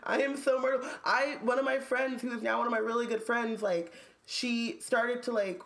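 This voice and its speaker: A podcast co-host trading stories in a relaxed chat, with dramatic, self-mocking asides. The voice sits at an everyday middle pitch and often drops lower for the punchlines. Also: moderate pace. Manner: wry, sarcastic, dramatic asides. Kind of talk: casual chat, storytelling.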